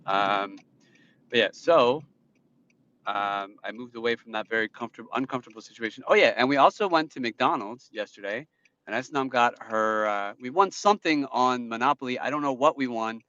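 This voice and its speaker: Driving as he streams live, a New Jersey man rambles through viewer comments in casual chat, his mid-range voice pushed and bright at normal speed. A phone in a dashboard stand picks him up inside the car, giving dull lo-fi audio in a dry space with no room sound.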